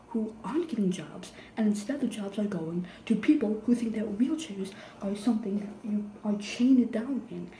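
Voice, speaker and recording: A woman's voice: on the high side, mellow, reverberant, slight background noise, rough recording. A woman delivering an improvised, sarcastic and emphatic rant to camera, lecturing in a pointed tone. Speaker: vlogger.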